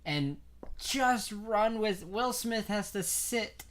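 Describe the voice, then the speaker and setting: A podcast co-host chatting casually and playfully about movies, quick and giggly. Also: mid-range voice, expressive, noisy background. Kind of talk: casual movie-review chat.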